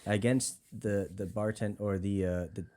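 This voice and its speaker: A man hosting a casual chat, prodding a guest with quick questions. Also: on the low side, fairly even intonation, warm tone. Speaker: podcast host.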